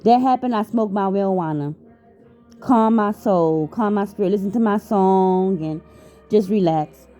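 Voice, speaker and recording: A woman's voice: mid-range voice, measured pace, dark tone, muffled recording, faint music behind. A woman vlogger talking candidly and emotionally about her own life, swearing freely and often restarting her sentences. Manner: raw, emotional, profane, with frequent restarts. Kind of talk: candid personal vlog talk.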